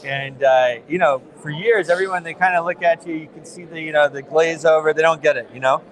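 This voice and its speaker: A man's voice: a little high, fairly even intonation, brisk, rough recording. An American man interviewing a guest at a conference, chatty and enthusiastic, rambling a little. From United States. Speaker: interviewer at a crypto event. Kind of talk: casual on-site interview. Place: conference venue.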